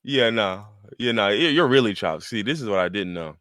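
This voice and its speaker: Low-voiced man on a dry mic. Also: a little fast, no room sound. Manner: animated, reads out posts in mocking voices, laughs often. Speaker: podcast co-host. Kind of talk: casual chat.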